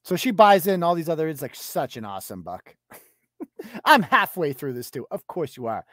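Podcast host, ranting, profane and sarcastic, pitch jumps all over, dry close mic. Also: big pitch swings, normal speed, fairly bright tone, dry recording. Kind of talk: ranting commentary.

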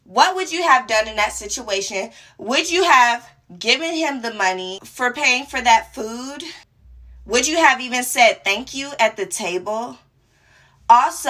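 A young woman hosting a radio talk show, telling a story casually and acting out each person's lines. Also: on the high side. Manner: animated, acts out dialogue in different voices.

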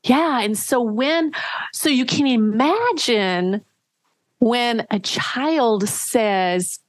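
A woman with a fairly high voice speaks in a relaxed podcast chat as a relationship coach. She slips into quoted voices as she explains, and the sound is close and dry with no room around it. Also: drawn-out words, dry recording. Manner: animated, acts out quoted voices. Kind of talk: casual conversation.

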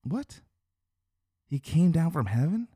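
A man putting on a shrill baffled townsman. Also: big pitch swings, warm tone, breathy edge, dry recording, clean studio sound, exaggerated voice. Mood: incredulous. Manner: squeaky, disbelieving, rapid questions.

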